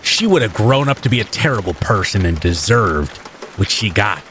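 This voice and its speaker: A man voicing a creepy older man who talks in a low, slow, matter-of-fact drawl, over steady rain. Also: slight background noise. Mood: justifying.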